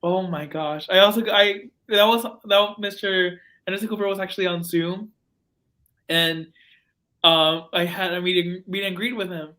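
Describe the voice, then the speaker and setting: A young man hosting a student podcast, telling stories in an excitable, gushing way. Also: sits high, normal speed. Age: young adult. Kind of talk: casual chat.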